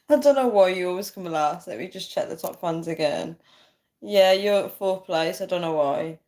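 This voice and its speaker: A woman's voice: fairly low pitch, normal speed, dark tone. A woman hosting a casual livestream, reading out viewer comments, tired and often breaking into fits of laughter. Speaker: livestream host.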